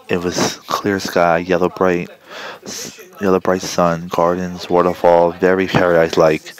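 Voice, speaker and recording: A man's voice: low voice, rough recording. A man improvising a crude comic story, rambling and often stopping to correct himself. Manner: rambling, halting, self-correcting.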